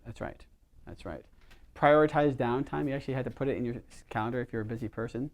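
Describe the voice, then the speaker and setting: A man's voice: medium pitch, fast. A middle-aged man leads a casual workshop for a small group. He talks in a chatty, storytelling way and keeps asking his listeners questions. His voice sits in an ordinary middle range. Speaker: chiropractor leading a workshop.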